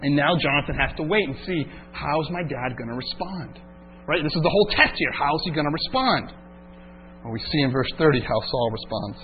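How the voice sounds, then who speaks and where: A man's voice: fairly high pitch, expressive, a little fast. A man preaching a sermon, teaching through a Bible passage verse by verse and building intensity at key points. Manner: expository preaching, rising intensity at climaxes. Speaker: pastor. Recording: tinny phone-like sound with mains hum.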